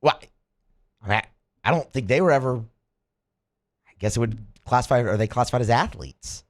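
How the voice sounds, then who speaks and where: A man hosting a sports radio show, trading jokes in easy banter. His pitch jumps around a lot, rising sharply now and then. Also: moderate pace. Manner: animated, joking, swoops up in pitch.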